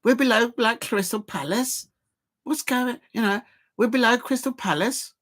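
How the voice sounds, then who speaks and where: A man's voice: extremely high pitch, normal speed, a bit bright, voice pushed up. A man putting on a grumbling male football pundit who repeats and stammers through an indignant complaint.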